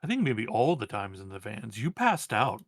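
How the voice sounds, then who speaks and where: A man's voice: lowish voice, sing-song, moderate pace, no echo, clean studio sound. A man playing a tabletop role-playing game, speaking in a matter-of-fact way. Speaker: player. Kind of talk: tabletop role-play chat.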